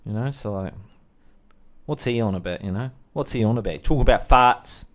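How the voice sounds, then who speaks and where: A man's voice: medium pitch, fairly quick. A man streaming on his own, rambling through a casual monologue with crude jokes, fillers and side remarks. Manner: crude, joking, full of fillers and asides.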